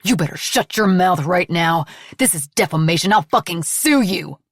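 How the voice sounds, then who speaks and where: A woman's voice: lowish voice, expressive, moderate pace, dry recording, studio quality. A woman reading an audiobook, voicing an accused man who snaps out angry, clipped denials. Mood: furious. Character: blustering middle-aged man accused and defiant.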